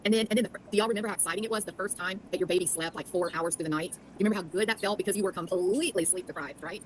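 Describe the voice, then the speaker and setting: A woman's voice: on the low side, racing, slight background noise, poor audio. A middle-aged woman giving sarcastic commentary on online drama, quizzing her audience as she goes.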